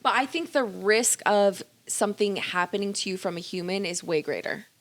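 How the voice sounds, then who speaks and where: A woman co-hosting a podcast in casual chat, teasing and joking often. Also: medium pitch. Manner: teasing, quick jokes, laughs often. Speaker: podcast co-host.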